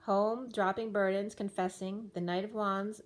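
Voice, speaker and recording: A woman's voice: medium pitch, little pitch movement, unhurried. A woman giving a tarot reading, listing card meanings in loose fragments while losing her voice. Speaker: tarot reader.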